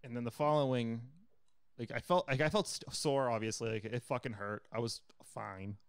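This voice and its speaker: In clean, dry studio sound, a young man with a smooth mid-range voice speaks at normal speed while co-hosting a podcast. He spins a profane, animated story in casual chat, swearing often and performing the quotes.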